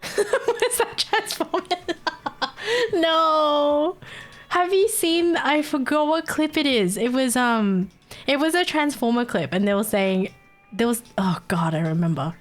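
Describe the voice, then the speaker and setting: A woman's voice: a little high, moderate pace. An Australian woman chatting casually on a live stream, giggling constantly and swearing freely. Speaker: livestreamer.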